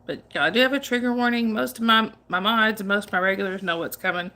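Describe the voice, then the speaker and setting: A woman's voice: mid-range voice, fast talker, pushed and bright. A woman hosting a casual livestream, chatting with viewers by name, comforting them and laughing often. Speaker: livestream host. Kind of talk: casual livestream chat reading viewer comments.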